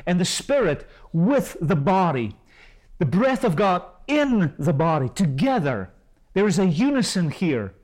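Man, preacher, sermon, fairly high voice, impassioned, loud-to-hushed swings. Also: sing-song, measured pace, low-quality recording. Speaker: pastor and Bible school teacher.

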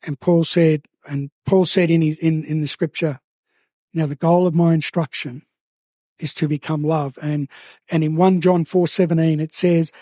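Man preaching a sermon, high voice, husky, dry close sound, earnest, slows down for emphasis. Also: steady tone, mellow, no room sound. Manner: earnest, slows down to stress key phrases.

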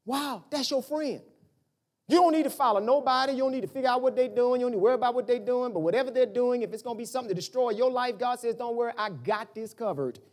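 A man's voice: extremely high pitch, quick pace, a little mellow. A male pastor giving a conversational, folksy sermon, acting out little dialogues as he goes.

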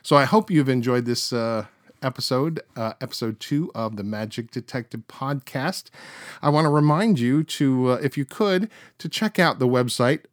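A man's voice: mid-range voice, moderate pace, no echo, clean studio sound. A middle-aged man hosting a podcast, telling stories in a chatty way full of fillers and restarts. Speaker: podcast host. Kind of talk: casual storytelling.

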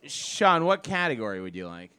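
A man hosting a live comedy debate show, reading out questions in a deliberate, dry manner. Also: medium pitch, sing-song, bright, forceful tone, clean tone. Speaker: host.

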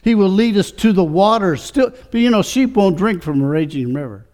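Pitched high and delivered at normal speed with lively intonation, this man's sermon is packed with rhetorical questions. As pastor, he alternates between calm reflection and mounting fervor.

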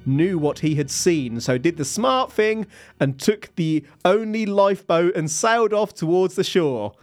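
A man's voice: sits high, expressive, measured pace, faint music behind. Wry man spinning a yarn. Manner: wry, playful narration with laughs. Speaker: podcast co-host telling a story. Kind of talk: casual storytelling with banter.

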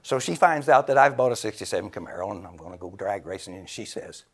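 A man in his seventies preaching a sermon, exclaiming loudly, laughing between phrases and dropping to a near whisper for emphasis. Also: fairly low pitch, animated, quick pace. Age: 70s.

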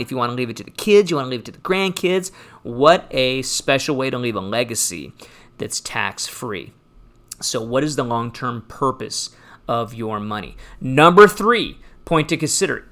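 Upbeat, bright-voiced male finance host. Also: medium pitch. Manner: energetic, emphatic, acts out client questions. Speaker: financial advisor and show host. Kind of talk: casual radio-style finance talk.

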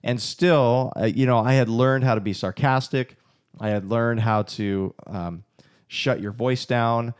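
A man's voice: mid-range voice, measured pace, smooth. Candid man telling his own story. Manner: candid, animated, self-deprecating. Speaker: podcast co-host, husband. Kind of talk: casual storytelling talk.

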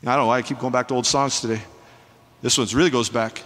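A male pastor preaching a sermon in an animated, emphatic, conversational way, with asides to the congregation, in a church sanctuary. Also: medium pitch, fast, big-room sound.

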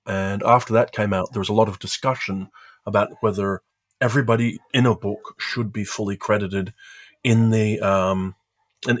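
A man's voice: fairly low pitch, slightly rough, no echo. A man co-hosting a casual podcast chat from home, talking with wry, dry humor. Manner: dry, wry humor with playful announcer bits. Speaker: podcast co-host.

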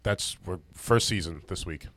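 A man's voice: low voice, a little slow, fairly bright tone, no echo. A young man co-hosting a podcast, joking and swearing casually, laughing often. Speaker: podcast co-host. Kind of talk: casual banter.

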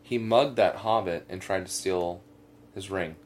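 Male co-host, low voice, dry teasing banter in casual comedic chat. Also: a little slow, darkish tone, slight background noise. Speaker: radio show co-host.

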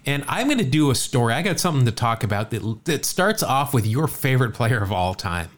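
A man's voice: mid-range voice, sing-song, brisk. A man co-hosting a casual podcast, telling a jokey baseball story, often stumbling and repeating words.

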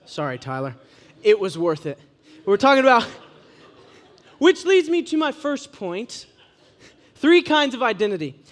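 A young man from Ohio, preaching to students in a casual, joking sermon full of animated storytelling. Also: very high-pitched, measured pace, long pauses. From Ohio, USA.

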